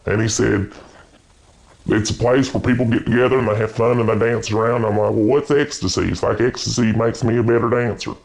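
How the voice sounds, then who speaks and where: A man playing an awkward adult twin brother in a mock documentary, his voice disguised and lowered, acting out quotes as he tells a story. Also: fairly even intonation, a little fast, gravelly, darkish tone, rough recording. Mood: deadpan.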